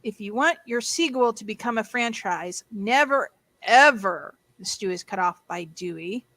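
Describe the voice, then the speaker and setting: A woman's voice: mid-range voice, animated, normal speed, fairly bright tone, dry recording. A woman hosting a casual podcast chat, talking freely and reading notes aloud. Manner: chatty, reads aloud and hums while searching. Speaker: podcast host.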